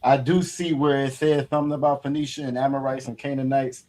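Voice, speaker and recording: A man in a class reads a definition aloud from a reference book. He is measured and explanatory, pausing on fillers as he goes. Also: medium pitch, level tone, warm tone. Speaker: class member reading a reference.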